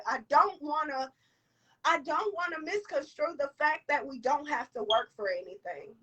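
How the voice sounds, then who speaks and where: Tearful, impassioned high-voiced young woman. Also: bright, forceful tone, distant mic, poor audio. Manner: impassioned, preachy, repeats lines for emphasis. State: tearful, sniffling. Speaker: vlogger and entrepreneur. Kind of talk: emotional motivational talk to camera.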